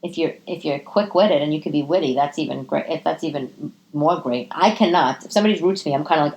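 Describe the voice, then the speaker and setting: A woman hosting a casual solo podcast from her living room, talking in an animated, profane way, with her pitch swinging up into high exclamations. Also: quick pace, few pauses. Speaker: podcast host.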